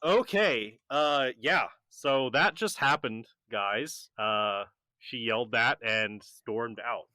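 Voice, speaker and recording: A man running a tabletop game as game master, halting with many ums and uhs and often laughing. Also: mid-range voice, sharp tone, no echo.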